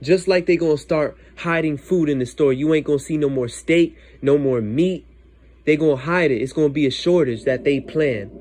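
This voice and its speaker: A man's voice: a little high, darkish tone. A man telling a dream story to his viewers in a casual, emphatic way, repeating himself and often turning to address them directly.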